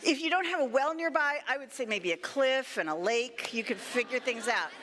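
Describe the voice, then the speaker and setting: A woman minister telling a playful, animated story to children during a church service. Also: sits high, moderate pace. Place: church sanctuary. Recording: echoey church sanctuary.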